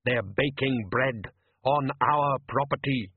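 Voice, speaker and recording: A man's voice: medium pitch, slow pace, slightly rough, dry recording. A man voicing a stubborn, grumbling middle-aged father who blusters indignantly, in an audiobook. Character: grumpy stubborn raft-going father, male, middle-aged. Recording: tinny lo-fi dry recording.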